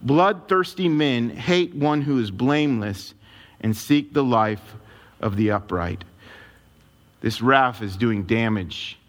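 A man preaching a sermon as a pastor, telling a personal story in an animated, emotional way. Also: medium pitch, slow pace.

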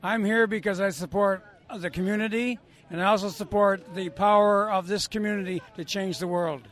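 A man's voice: sits high, fairly even intonation, moderate pace, a bit bright. A man interviewed in a crowd, earnest and speechy, talking like an activist.

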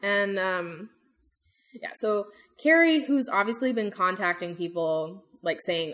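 A young woman talks through a true crime case in loose, casual chat. Her voice sits in an ordinary middle pitch. She fills her sentences with "like" and "um" and acts out the quotes. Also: expressive, slow, a bit bright. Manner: chatty, lots of "like" and "um", acts out quotes. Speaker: podcast host telling a true crime story.

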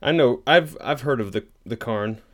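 A man's voice: medium pitch, moderate pace, a bit bright. A man in casual chat as podcast cohost, tossing in playful jokes and short reactions. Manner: joking, playful interjections.

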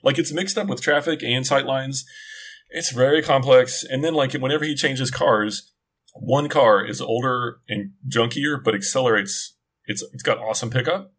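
A man's voice: medium pitch, moderate pace, fairly bright tone. Rambling middle-aged man telling a story. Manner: rambling, self-interrupting storyteller. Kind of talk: casual chat.

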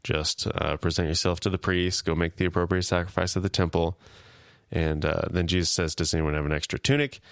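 A man's voice: low-pitched, steady tone, a little fast, gravelly, no room sound, clean studio sound. A man co-hosting a podcast, recapping a TV episode casually and lightly acting out the characters' lines. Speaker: podcast co-host.

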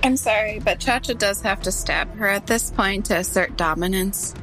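A woman's voice: mid-range voice, moderate pace, a bit bright, rough recording. A woman plays a tabletop game, stating her character's actions bluntly and matter-of-factly. Faint music sits in the background. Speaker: player. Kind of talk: casual tabletop game play.

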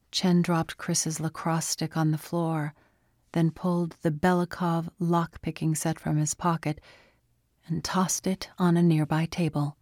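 Brief: female audiobook narrator, low-pitched, slow, dry studio sound. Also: level tone, darkish tone, dry recording. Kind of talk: scripted narration.

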